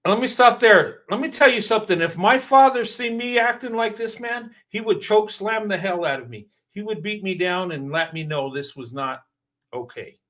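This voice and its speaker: A man's voice: high-pitched, fairly bright tone. A man hosting a reaction video, giving casual commentary in an emphatic, preachy way and repeating points for stress.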